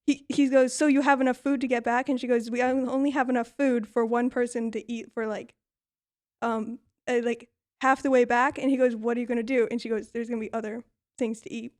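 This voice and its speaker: A young woman co-hosting a podcast in casual chat, animated and laughing often as she retells scenes. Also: fairly high pitch, fairly quick. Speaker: podcast co-host.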